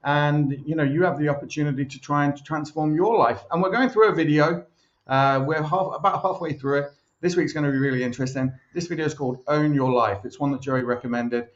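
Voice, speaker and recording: A man's voice: fairly high pitch, fairly quick. A man hosting a casual personal development show, chatty and full of fillers. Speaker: host. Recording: echoey, dull lo-fi sound.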